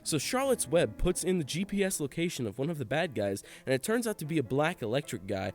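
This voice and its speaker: A young man narrating a sarcastic, crude plot recap in a deadpan, irreverent way. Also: a little high, brisk. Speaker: comedy narrator.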